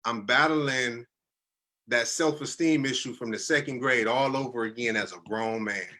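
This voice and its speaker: Man, 30s, bright voice, earnest storyteller, teary-eyed, casual and heartfelt. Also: medium pitch, normal speed. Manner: earnest, conversational, drops into quoted voices. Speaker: guest telling his life story. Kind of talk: emotional personal storytelling.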